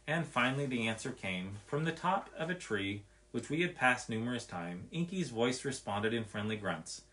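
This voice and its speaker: A man reading a nature story aloud in an expressive, measured way. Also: mid-range voice.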